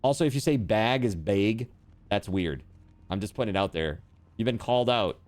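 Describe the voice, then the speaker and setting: A man's voice: lowish voice, expressive, fairly quick, a little mellow. A man streaming a video game, chatting casually and teasingly with his viewers as he plays. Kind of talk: casual chat while gaming on stream.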